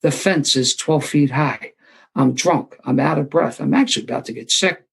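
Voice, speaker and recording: Older Philly man, sixties, husky gravelly voice, animated self-deprecating storyteller at a meeting. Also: medium pitch, normal speed, poor audio. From Philadelphia area. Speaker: recovery meeting speaker. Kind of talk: storytelling talk to a live audience.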